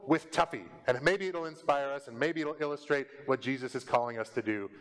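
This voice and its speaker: A man's voice: medium pitch, a little fast. A man preaching a sermon in an earnest, conversational way. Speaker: pastor.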